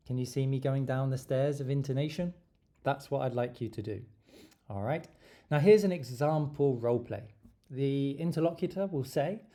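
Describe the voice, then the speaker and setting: A man giving an exam tips lesson, lively and stressing his words. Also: medium pitch, a little slow. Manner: lively, stresses words, acts out sample dialogue. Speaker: English teacher.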